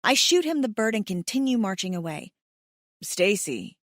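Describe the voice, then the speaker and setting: Woman reading a romance audiobook first person, emotional and heated, pretty high voice, dry close sound. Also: very animated, a little fast, fairly bright tone, no echo. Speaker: audiobook narrator.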